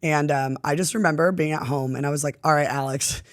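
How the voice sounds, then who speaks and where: A woman's voice: low voice, fast talker. Chatty young woman, laughing often. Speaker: podcast guest. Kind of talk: casual interview chat.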